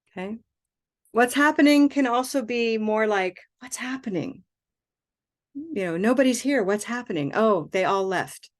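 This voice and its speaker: A woman pronunciation teacher leads a live online class in an upbeat, encouraging voice, heard through a computer mic on a video call. She models syllable rhythm in clear repeated chants and laughs easily between her prompts. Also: mid-range voice.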